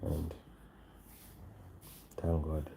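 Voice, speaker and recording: A tired young father speaking softly and slowly to viewers on a late-night home livestream. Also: very deep voice, completely flat delivery, vocal fry, slight background noise, rough recording. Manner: soft-spoken, slow and weary, talking to viewers and his baby. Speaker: vlogger father live streaming.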